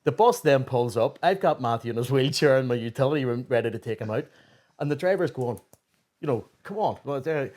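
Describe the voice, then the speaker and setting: A man with a Belfast accent tells stories from his barber shop in a loose, animated way. He swears freely and jumps into raised voices when he quotes people. His voice sits at a medium pitch. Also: fairly quick. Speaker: barber, podcast guest. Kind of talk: casual storytelling chat.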